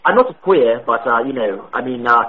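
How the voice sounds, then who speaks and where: A man's voice: mid-range voice, animated, brisk, a little hiss or hum. A British man calling into a prank show, rambling with lots of filler words. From Britain. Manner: rambling, full of fillers and restarts. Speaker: caller. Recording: tinny phone line.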